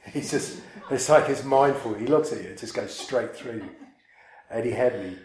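In an echoey room, a man with a mid-range, darkish voice tells a personal story to listeners at normal speed. His casual storytelling is rambling and self-mocking, with lots of fillers and restarts.

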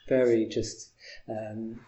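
A man telling rambling anecdotes in a casual conversation, halting often with fillers and restarts. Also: lowish voice, little pitch movement, dark tone, roomy sound. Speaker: interviewer.

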